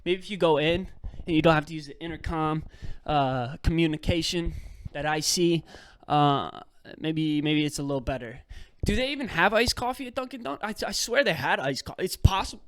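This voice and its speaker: A man's voice: on the high side, fairly quick. A young man hosting a podcast, telling a rambling, exasperated story in casual slang. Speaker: podcast host. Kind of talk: casual comedic rant.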